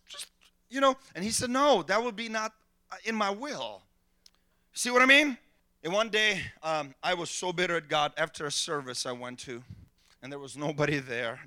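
A man preaching a sermon as pastor, telling personal stories and acting out what people said to him. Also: high-pitched. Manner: animated storytelling, acting out quotes.

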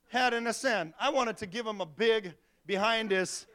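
A middle-aged male pastor preaching a sermon in an animated way, acting out little voices and laughing often. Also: high-pitched, normal speed, hardly any pauses.

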